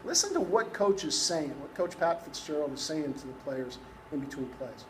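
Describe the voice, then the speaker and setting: High-voiced man running a coaching workshop. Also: lively intonation, moderate pace, a little hiss or hum. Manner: conversational, keeps asking "right?". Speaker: youth baseball coaching instructor.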